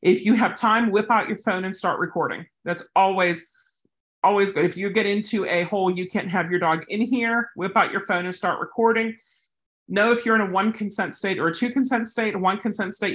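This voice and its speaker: A woman's voice: mid-range voice, fairly bright tone. A woman who handles service dogs, answering a viewer's question in a casual, rambling way with plenty of tangents. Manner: rambling, goes off on tangents, chatty. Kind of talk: casual advice vlog.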